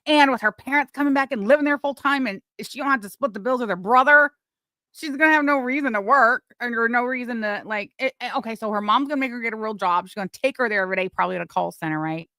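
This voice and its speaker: Blunt, bright-voiced woman streamer. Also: on the high side, fast, no room sound, clean studio sound. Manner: blunt, crude, swearing; chatty, with sudden loud excited bursts. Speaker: livestream host. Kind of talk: casual gossip commentary.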